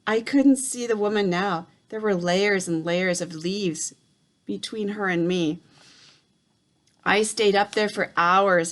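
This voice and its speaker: A woman reading a children's novel aloud in a calm, steady narrating voice. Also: medium pitch. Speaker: reader. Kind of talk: storybook read-aloud.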